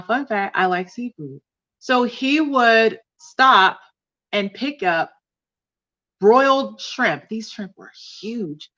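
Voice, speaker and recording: A woman with a fairly high voice hosts a casual livestream, chatting and confiding in her viewers as she reads out their comments. The sound comes through dull and lo-fi, like stream audio. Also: fairly bright tone. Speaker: host.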